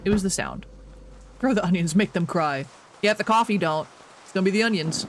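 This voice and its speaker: A young man streaming a video game, chatting casually with his chat while he plays, animated and self-mocking. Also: high-pitched, fairly quick, pauses often, slight background noise.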